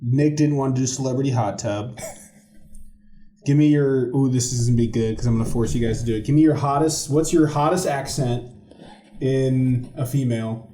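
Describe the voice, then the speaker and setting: A man's voice: mid-range voice, moderate pace, warm tone. Joking, swearing young man in a roomy podcast room. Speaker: podcast co-host. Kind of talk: casual podcast banter. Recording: roomy echo.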